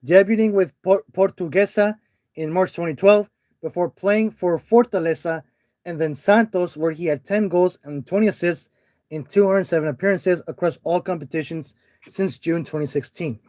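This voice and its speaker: A man's voice: high voice, normal speed, dark tone. A man co-hosting a casual soccer podcast over an online call, often hesitating and restarting his phrases. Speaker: podcast co-host.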